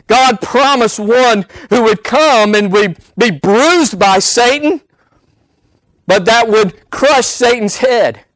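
A man preaches from the pulpit in a high, ringing voice. He leans on repeated phrases to drive each point home. The recording is dry and close, with almost no room. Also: fairly bright tone, dry recording, poor audio. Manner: emphatic, repeating phrases for weight. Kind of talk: sermon.

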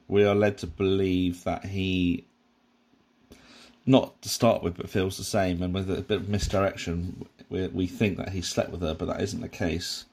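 A man's voice: low voice, breathy edge. A man giving a casual, rambling commentary on a sitcom episode, with frequent restarts and asides. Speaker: podcast host reviewing a sitcom.

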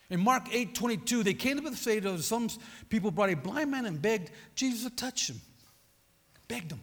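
High gravelly preacher man, echoing hall. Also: a bit bright. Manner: repetitive, emphatic, prods the audience with "huh?". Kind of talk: sermon. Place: church sanctuary. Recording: long hall reverb.

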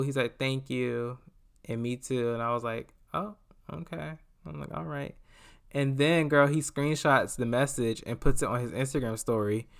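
A man telling a story to his viewers in a casual vlog, animated and chatty, laughing often and calling the listener "girl". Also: mid-range voice, clear, resonant tone.

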